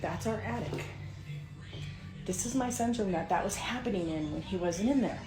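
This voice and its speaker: A middle-aged woman filming inside her home on a handheld phone, talking to viewers in a breathless, alarmed, often hushed way. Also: mid-range voice, expressive, moderate pace, music in the background. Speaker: homeowner filming her house. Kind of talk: frightened phone video to viewers. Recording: noisy home phone recording.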